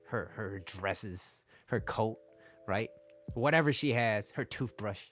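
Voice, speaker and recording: A man's voice: medium pitch, fairly bright tone. Blunt, laughing man giving dating advice. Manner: laughing, acts out both sides of conversations; blunt, swears freely. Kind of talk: casual advice monologue.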